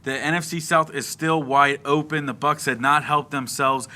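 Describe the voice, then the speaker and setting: Young man, from Florida, bright voice, chatty sports podcast co-host, casual game recap. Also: fairly high pitch, fairly even intonation, moderate pace. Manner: chatty, recaps plays at length.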